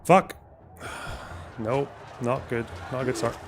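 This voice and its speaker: A man's voice: medium pitch, takes it slowly, music in the background. A young man streaming a game live, reacting with constant swearing and panicky running remarks. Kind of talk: live gameplay commentary.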